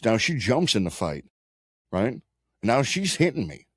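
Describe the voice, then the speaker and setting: A man's voice: medium pitch, very animated, unhurried, slightly rough, no room sound, studio quality. A man co-hosting a casual podcast, telling blunt, profane bar stories. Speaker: podcast co-host. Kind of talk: casual chat.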